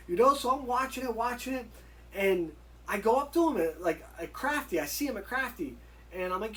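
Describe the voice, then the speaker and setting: A man, a guest in an interview, telling stories in a casual, animated way and acting out the dialogue he quotes. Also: high-pitched, fairly quick, rough recording. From United States. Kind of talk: casual storytelling.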